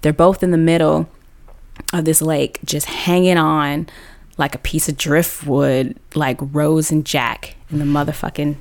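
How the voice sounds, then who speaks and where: A woman's voice: deep voice, fairly even intonation, unhurried. A woman host telling a comic story in a casual, slangy way, laughing often. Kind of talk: comedic storytelling.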